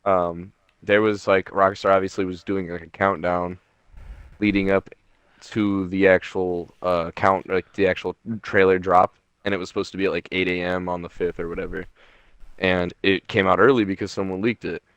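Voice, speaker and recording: A young man with a somewhat low voice chats on a home podcast. He rambles, swears freely and leans on fillers like "like" and "um". The sound is dry and close. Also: level tone, normal speed, fairly bright tone, smooth, no room sound, highs cut off. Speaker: podcast co-host. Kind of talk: casual chat. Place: home room.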